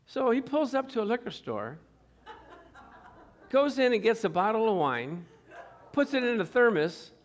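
A man's voice: extremely high pitch, sing-song, a little slow, long pauses. A middle-aged man preaching a sermon as pastor, telling stories and acting out the people in them, often laughing. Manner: storytelling, acts out quoted people, laughs often.

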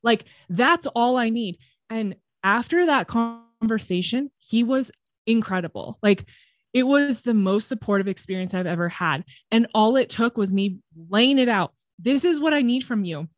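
A woman's voice: a little high, a little slow, dry recording. Woman guest on a podcast, blunt and open, cusses a lot, dry close sound. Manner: frank and expressive, swears freely. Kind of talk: candid conversational storytelling.

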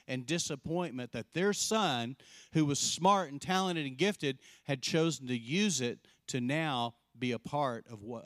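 A pastor with a mid-range voice preaches a sermon, telling a story and animatedly acting out the quoted voices. He drops soft and slow to drive his points home. The recording is dry, with clean studio sound.

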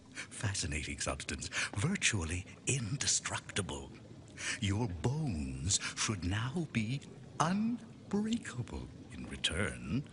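A cold, scheming scientist, speaking in a deep, slow and silky film voice whose pitch swoops widely from low murmurs to lifted words. He sounds condescending and measured throughout. Clear film music plays behind him. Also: noisy background, heavily acted. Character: cold scheming middle-aged male military scientist. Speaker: villain in a film clip.

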